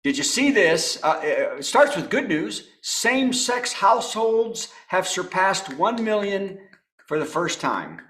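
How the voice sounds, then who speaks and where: A man's voice: sits high, very animated, slow pace, fairly bright tone. A man hosting a comedy show over a video call, telling topical jokes and chuckling at his own punchlines. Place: home apartment.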